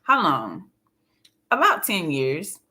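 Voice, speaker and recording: A calm, probing woman counselor, gently coaxing with question after question, as a woman reads her in an audiobook. The tone stays bright and clear. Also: low-pitched, slow pace, heavily acted. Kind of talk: audiobook narration.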